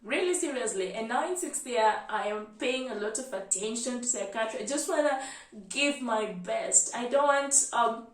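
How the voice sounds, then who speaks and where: A Kenyan woman in her twenties, a medical student, telling a personal story in an animated vlog style. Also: a little high, normal speed, roomy sound, far from the mic. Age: 20s. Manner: animated storytelling, lively retelling.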